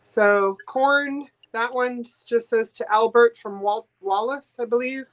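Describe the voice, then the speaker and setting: Chatty woman from Boston selling postcards. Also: a little high. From Boston, USA. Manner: chatty and enthusiastic, quick giggles. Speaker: guest seller at a live vintage sale. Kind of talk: casual live-stream sales chat.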